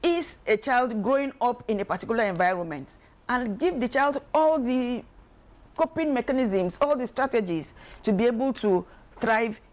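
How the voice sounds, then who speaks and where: Animated woman, high voice. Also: normal speed. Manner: animated, emphatic, acts out quoted voices. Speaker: guest expert on emotional wellbeing. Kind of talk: studio talk show discussion.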